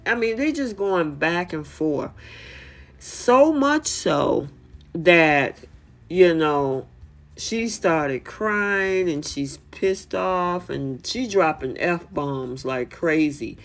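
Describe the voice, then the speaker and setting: A woman's voice: on the low side, lively intonation, extremely slow. A woman hosting a casual reality TV recap, chatty and opinionated, with many fillers.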